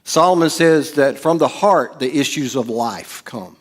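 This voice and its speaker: A man's voice: medium pitch, a little slow. A man preaching a sermon as pastor, in a casual, joking way and acting out quotes. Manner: conversational preaching with jokes and acted-out quotes. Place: church.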